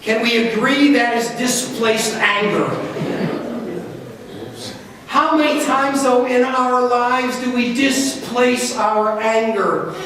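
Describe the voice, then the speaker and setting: A man pastor preaching a sermon, telling stories with lively swings in pitch and loudness. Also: takes it slowly, noisy background. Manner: animated storytelling with wide swings in pitch and loudness. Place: church sanctuary. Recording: very echoey church, from far off.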